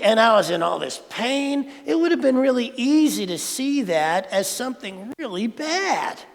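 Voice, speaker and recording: A man with a high, gravelly voice gives a conversational sermon and often turns to the audience with questions. His talk rings in a sanctuary with a long hall reverb. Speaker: spiritual speaker. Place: spiritual centre sanctuary.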